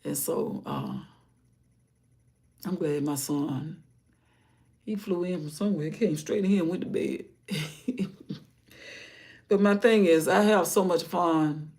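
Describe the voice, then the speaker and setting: An older grandmother hosting a live stream, talking in a rambling, casual way about her day and her faith, often sinking into soft murmurs. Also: lowish voice, takes it slowly, long pauses. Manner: rambling, warm-hearted, drifts into soft murmurs. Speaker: livestream host.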